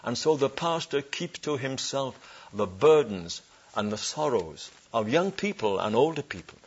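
A man preaching a sermon to a church congregation. He is emphatic, slows down to stress scripture phrases, and asks the congregation rhetorical questions. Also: mid-range voice, sing-song, breathy edge. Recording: dull lo-fi sermon recording.

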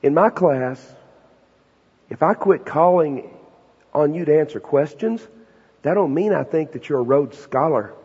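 A middle-aged man preaching a sermon, a folksy, emphatic storyteller who builds to loud punchlines. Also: on the high side, lively intonation, unhurried, long pauses, breathy edge. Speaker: preacher and Bible professor. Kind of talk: sermon with personal stories. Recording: dull recording with long hall reverb.

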